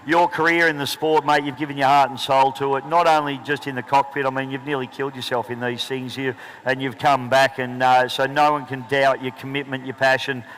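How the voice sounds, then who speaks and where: A man's voice: medium pitch, little pitch movement, fairly quick, few pauses, a bit bright, low-quality recording. A man with an Australian accent commentating trackside at a boat race, chatty and joking, talking into a handheld microphone outdoors.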